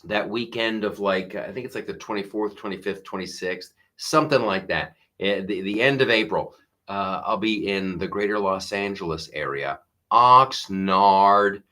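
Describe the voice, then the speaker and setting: A man's voice: fairly low pitch, normal speed, bright, forceful tone. A middle-aged man hosting a comedy podcast, rambling sarcastically through a casual monologue with frequent restarts.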